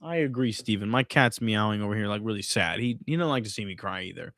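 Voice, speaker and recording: This streamer speaks fast in a fairly low voice, studio quality with no room sound, running a casual stream from his home. He's tipsy from drinking and rants animatedly, cursing throughout.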